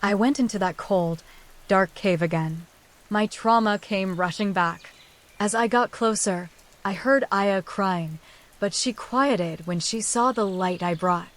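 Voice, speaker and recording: A woman's voice: medium pitch, a little slow. Woman narrating a horror story.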